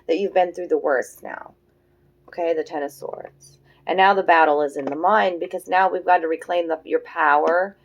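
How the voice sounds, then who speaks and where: A woman with a low, deep voice reads tarot cards in a relaxed, conversational way. She muses softly and thinks out loud, pausing on fillers as she turns over each card. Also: vocal fry, poor audio. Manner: soft, musing, thinks aloud with many fillers. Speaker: tarot reader. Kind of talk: casual tarot reading.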